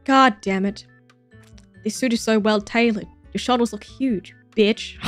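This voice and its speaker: A woman's voice: a little high, very animated, measured pace, a bit bright, no echo, soft background music. A woman in her thirties streaming, who reacts to viewer photos with gushing praise, swearing and mock-jealous outbursts. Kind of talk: casual livestream chat.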